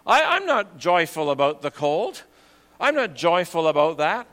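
A man preaching a sermon while he has a cold, chatting to the congregation and slowing down to read scripture. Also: fairly high pitch, sing-song, bright, forceful tone, in a large hall. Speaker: pastor.

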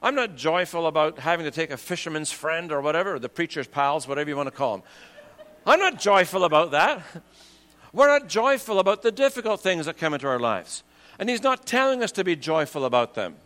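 A man preaching a sermon while he has a cold, chatting to the congregation and slowing down to read scripture. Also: a little high, big pitch swings, a bit bright, big-room sound. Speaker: pastor.

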